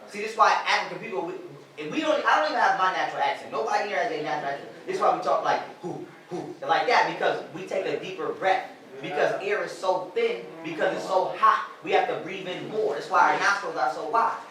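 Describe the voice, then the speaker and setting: A man's voice: sits high, fast talker, sharp tone. A man giving an informal lecture to a group of listeners, blunt and profane. He speaks emphatically and often laughs at his own jokes. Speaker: street lecturer addressing a small group. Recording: echoey space, mic far away, crowd audible.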